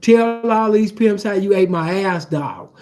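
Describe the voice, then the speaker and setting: A man's voice: sits high, a little slow, a little mellow, faint music behind. A man voicing a tall, brash woman who jeers crudely and mockingly at a man. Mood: taunting. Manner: mocking, vulgar, repetitive jeering.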